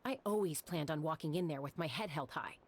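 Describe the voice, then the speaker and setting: An actress voicing a calm, stubborn young woman who answers in a dry, matter-of-fact way in a video game cutscene. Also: sits low, fairly quick, noisy background.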